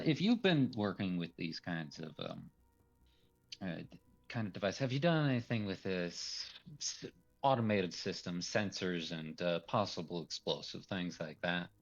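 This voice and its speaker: A man's voice: sits low, lively intonation, measured pace, vocal fry, highs cut off. A man running a tabletop role-play as game master, talking in a loose, rambling way and laughing often.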